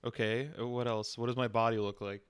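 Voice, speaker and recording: A man's voice: mid-range voice, flat delivery, brisk, clean tone. A man streaming a casual chat with an AI chatbot, swearing and laughing, and turning aside to talk to his viewers.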